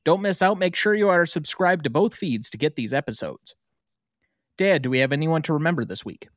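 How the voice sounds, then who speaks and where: A man hosting a casual movie podcast, briskly running the segments and breaks. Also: on the high side, animated, fairly bright tone, no echo, clean studio sound. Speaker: podcast host.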